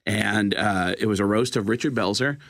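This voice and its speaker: A male comedian and impressionist telling comic stories in a casual chat, animated and laughing along. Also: fairly low pitch, moderate pace. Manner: animated, slips into voices, laughs while telling.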